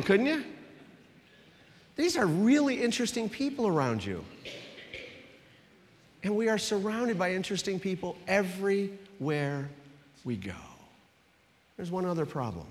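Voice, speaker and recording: A man's voice: high-pitched, a bit bright, big-room sound. A man preaching a sermon as a pastor, talking conversationally and getting the congregation to repeat phrases back to him. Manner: conversational preaching with audience call-and-response.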